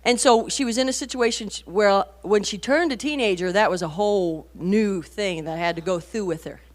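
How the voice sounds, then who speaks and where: Animated woman in her forties preaching. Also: medium pitch, brisk. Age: 40s. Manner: animated storytelling, rising to emphatic bursts; frequent rhetorical asides. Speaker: women's conference speaker. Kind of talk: conversational sermon to mothers and teens.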